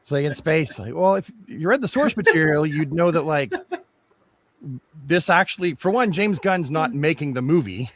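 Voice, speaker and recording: In a dry, studio-quality recording, a man with a slightly high, somewhat bright voice speaks at normal speed and is very animated. As a podcast co-host casually reviewing a movie trailer, he rambles, restarting often and filling his speech with fillers.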